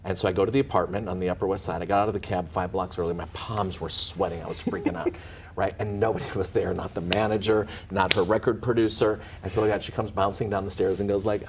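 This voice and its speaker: A middle-aged man, a guest in a casual interview, telling animated stories with laughs and acted-out bits. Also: low-pitched, quick pace, crowd noise. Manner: animated, laughing, acts out and hums snippets.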